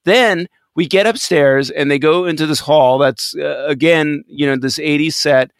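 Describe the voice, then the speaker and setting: A man co-hosting a podcast, chatting casually and retelling scenes with animated energy and frequent laughter. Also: a little high, moderate pace, clear, resonant tone, dry recording, studio quality. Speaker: podcast co-host. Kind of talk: casual chat.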